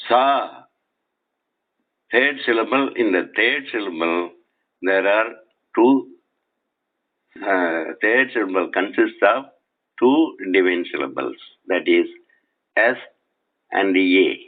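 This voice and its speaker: Slow, low-voiced man on a tinny phone. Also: animated. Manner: slow, deliberate, repeats and spells out words. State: lying down in bed. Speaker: spiritual teacher. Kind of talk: spiritual lecture. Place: bedroom at night. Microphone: cell phone resting on his chest.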